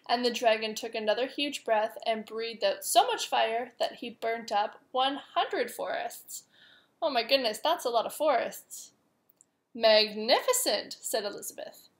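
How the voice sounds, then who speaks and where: A woman reading a picture book aloud to young children, with gentle, chatty asides to her listeners. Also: on the high side. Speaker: preschool teacher.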